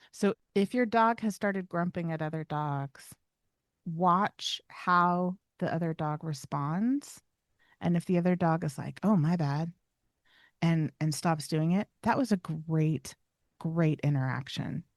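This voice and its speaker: A woman with a fairly low voice talks through dog behavior in a relaxed, explanatory way. She drops into quick voiced bits of dog dialogue now and then. The sound is dry and close, with no room echo. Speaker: podcast co-host, dog trainer. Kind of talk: casual podcast chat.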